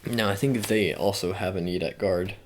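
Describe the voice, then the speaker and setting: A young man speaking in a soft ASMR style, chatting casually and rambling with many fillers and restarts. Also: low voice, moderate pace, slight background noise. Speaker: ASMR channel host. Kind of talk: soft-spoken ASMR sports talk.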